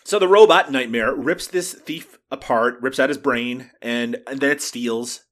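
A man's voice: mid-range voice, measured pace, a bit bright. A man co-hosting a podcast, wryly retelling a bad movie in casual banter with frequent laughs. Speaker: podcast co-host.

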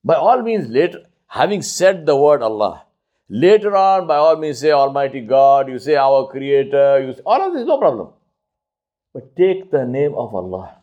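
A man of middle pitch lectures on faith with strong emphasis. He repeats key lines, slows down to press them home, then drops into low, quiet asides. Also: big pitch swings, lo-fi sound. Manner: emphatic and repetitive, swinging between loud high stresses and low quiet asides; slows to stress key phrases. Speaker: Islamic lecturer. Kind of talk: religious talk on outreach.

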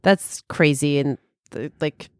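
A woman co-hosting a podcast, reacting with quick asides and comments. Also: low voice, smooth, no room sound, clean studio sound. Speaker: podcast co-host. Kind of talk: casual chat.

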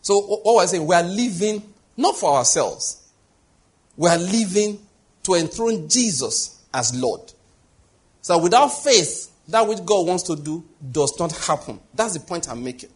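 Husky-voiced man preaching a sermon. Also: high-pitched, expressive, measured pace. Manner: conversational preaching, rhetorical questions. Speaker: pastor.

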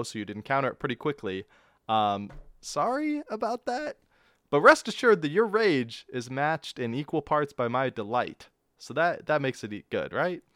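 A man's voice: mid-range voice, fairly bright tone, no room sound, clean studio sound. A man hosting a casual game review podcast, rambling, self-mocking and laughing often. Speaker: podcast host.

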